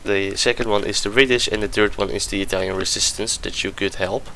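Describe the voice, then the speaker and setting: Male game reviewer, casual voice-over; lowish, bright and forceful, halting and rambling. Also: fairly even intonation, creaky, a little hiss or hum, rough recording. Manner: hesitant, rambling, many restarts and searching for words. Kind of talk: casual gameplay commentary voice-over.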